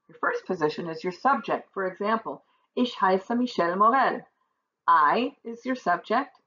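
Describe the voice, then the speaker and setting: A woman's voice: medium pitch, a bit bright, highs cut off. A woman teaching a German grammar lesson from a textbook, reading example sentences aloud and explaining them step by step.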